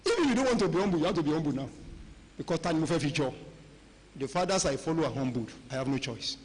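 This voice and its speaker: Middle-aged Nigerian-accented pastor, higher voice, conversational sermon delivery, long hall reverb. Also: male voice, expressive, rapid-fire. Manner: conversational preaching, mixing pidgin and Yoruba phrases. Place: large church hall.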